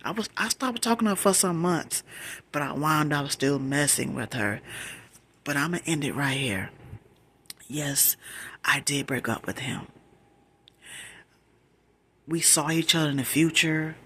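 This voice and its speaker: A woman telling a true personal story in a soft-whispered ASMR storytime, her retelling rising in pitch with emotion. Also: measured pace, pauses often, husky. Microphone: close phone mic.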